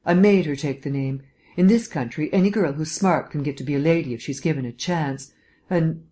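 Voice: medium pitch, brisk, mellow, close to an everyday voice. A reader voicing a nervous middle-aged housekeeper. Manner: nervous, deferential, plain-spoken. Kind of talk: audiobook reading.

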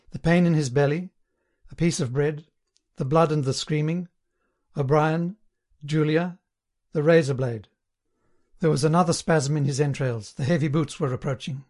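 A man reading a novel aloud as an audiobook narrator, in a measured, even storytelling manner. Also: fairly high pitch. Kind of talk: scripted narration.

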